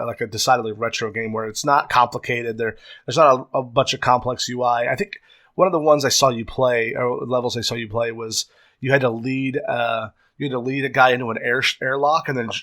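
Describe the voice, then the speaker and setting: A man's voice: mid-range voice, a bit bright. A man hosting a casual podcast, talkative and often searching for the right words. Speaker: podcast host.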